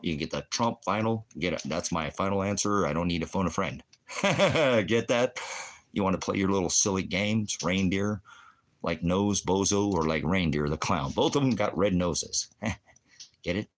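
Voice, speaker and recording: A man hosting a ministry stream, ranting in a rambling, combative way, full of puns and profanity. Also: low-pitched. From Oregon, USA. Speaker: ministry host.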